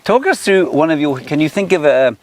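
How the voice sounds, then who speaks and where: A man's voice: on the high side, very animated, fairly quick, a little mellow, recorded from a distance, slight background noise. A man presenting a live safari show, chatting playfully with a colleague, teasing and stumbling over fillers. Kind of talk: light-hearted on-air chat.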